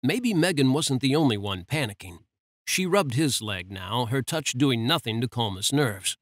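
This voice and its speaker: A man narrating a romance audiobook in a steady, measured reading. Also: mid-range voice, no echo, studio quality.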